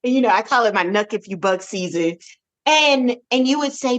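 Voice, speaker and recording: A woman guest on a podcast, telling her parenting story in an expressive, animated way, with frequent restarts. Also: mid-range voice, measured pace. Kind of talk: casual conversational interview.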